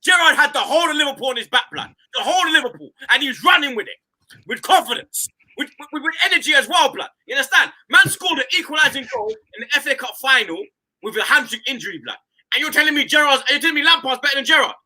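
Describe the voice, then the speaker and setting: A man arguing loudly in a football debate, teasing and repeating himself. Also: extremely high pitch, animated, fast, rough recording. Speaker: football fan panelist.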